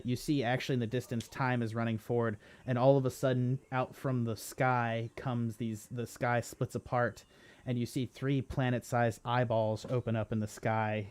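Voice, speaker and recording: A man's voice: mid-range voice, darkish tone, clean tone. A man running a tabletop game as game master, narrating with frequent fillers and self-corrections.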